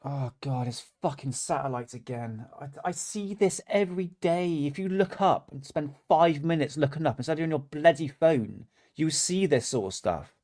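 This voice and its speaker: A man's voice: a little high, moderate pace, hardly any pauses, darkish tone. A man hosting a livestream, ranting in exasperation, swearing and stammering through restarts. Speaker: livestream host. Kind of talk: reaction livestream rant.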